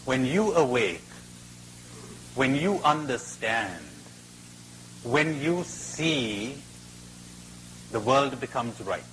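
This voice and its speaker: A man giving a spiritual talk and telling a fable, expressive with dramatic pauses. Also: mid-range voice, slight background noise, poor audio. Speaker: spiritual speaker.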